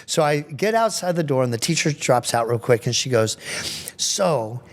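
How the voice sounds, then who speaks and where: In a storytelling interview, a man who is both a magician and a special education researcher recounts stories at a normal speed in a mid-range voice. He's an animated storyteller, acting out the voices of children as he goes.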